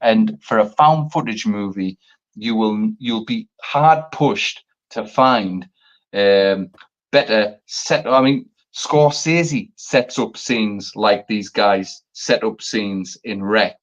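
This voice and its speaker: A man's voice: fairly low pitch, takes it slowly, dull audio. A man co-hosting a casual chat show, talking with passion, rambling and swearing freely. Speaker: podcast co-host.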